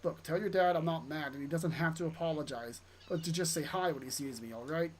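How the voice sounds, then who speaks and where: Gruff young mercenary, as a player reads him, blunt, teasing, faint hiss. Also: medium pitch, fairly quick, darkish tone, close to an everyday voice.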